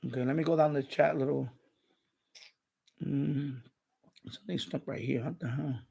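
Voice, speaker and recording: A man's voice: medium pitch, steady tone, normal speed, creaky, warm tone, a little hiss or hum. A man hosting a live stream, chatting casually and rambling, with many restarts and repeated phrases.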